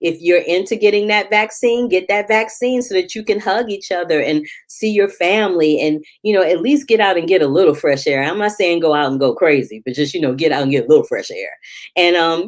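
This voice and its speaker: Chatty woman critic with a low voice, animated host of a movie review show. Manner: chatty and animated, quick asides and laughter. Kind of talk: casual movie review vlog.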